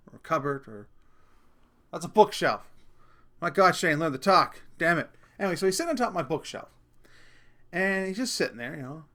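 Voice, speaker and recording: A man's voice: fairly high pitch, a bit bright. A man hosting his own casual rant video from home, rambling and correcting himself as he tells crude, jokey stories. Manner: rambling, self-correcting storyteller, crude humor.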